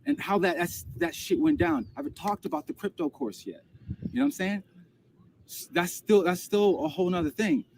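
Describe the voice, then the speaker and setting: A man's voice: sits high, big pitch swings, a little fast, gravelly. A man telling a personal story in casual vlog style, rambling and emotional, often repeating words and restarting. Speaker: vlogger recounting a personal experience. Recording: distant mic with loud background noise.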